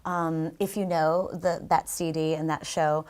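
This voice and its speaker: A middle-aged woman from New Jersey, a guest performer chatting in an interview, bubbly and quick to laugh. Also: low-pitched, level tone, a little mellow. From New Jersey, USA. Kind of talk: casual interview chat.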